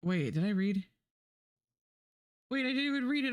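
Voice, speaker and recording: A woman's voice: a little high, animated, moderate pace, clean tone, no echo, clean studio sound. A woman streamer chatting casually, rambling and swearing, acting out the lines she quotes. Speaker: Twitch streamer.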